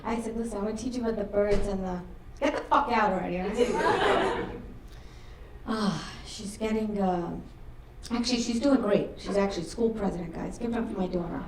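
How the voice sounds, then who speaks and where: A middle-aged woman performing a crude stand-up comedy set on a club stage, delivering brash deadpan punchlines. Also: mid-range voice, moderate pace, far from the mic, crowd noise, noisy background. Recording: roomy club sound from afar, audience laughter.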